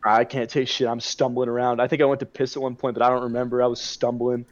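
A man's voice: mid-range voice, flat delivery, fast talker, no room sound. A young man co-hosting a podcast, telling a rambling party story in casual chat and swearing a lot. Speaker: podcast co-host. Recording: muffled dry recording.

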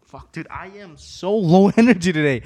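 A man hosting his podcast alone in a small home studio, talking casually and rambling, cursing often, swinging between subdued and excited. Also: high voice, normal speed. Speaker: podcast host. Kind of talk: casual solo podcast chat.

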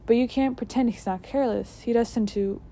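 A woman's voice: fairly high pitch, brisk, warm tone, natural voice. A woman voicing a stern older female professor witch in a storybook reading. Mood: doubtful.

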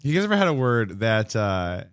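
A man's voice: fairly low pitch, very animated, moderate pace, clean tone, no echo, clean studio sound. A man co-hosting a casual podcast, stumbling over his words and restarting often. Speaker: podcast co-host. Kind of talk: casual chat.

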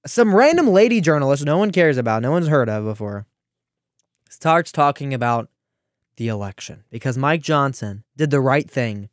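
A man's voice: mid-range voice, moderate pace, dry recording, studio quality. Teenage man hosting a sarcastic political rant. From Ohio, US. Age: teens. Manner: animated, sarcastic, with frequent restarts. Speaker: radio show host.

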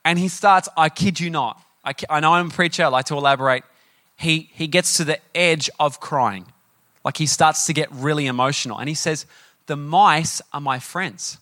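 A young man preaching a sermon, telling a story in a chatty, animated way with many fillers. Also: fairly high pitch, brisk.

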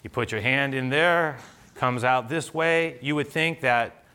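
A pastor giving a sermon in a church, conversational, full of asides and rhetorical questions. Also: male voice, mid-range voice, unhurried, pushed and bright, clean tone.

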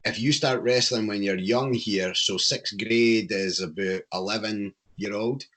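A Scottish man in casual chat, animated and opinionated, with a passionate way of talking. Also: on the low side, measured pace. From Scotland.

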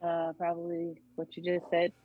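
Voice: mid-range voice, monotone, normal speed, phone-quality sound, a little hiss or hum. A participant in a casual Bible study group who answers thoughtfully, with some hesitation.

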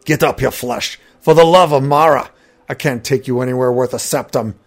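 A man voicing a gruff, impatient male Nord warrior in a fantasy audiobook, snapping his lines. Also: moderate pace, lightly acted. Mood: exasperated. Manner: barks his lines louder and higher than the narration. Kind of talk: audiobook character voice.

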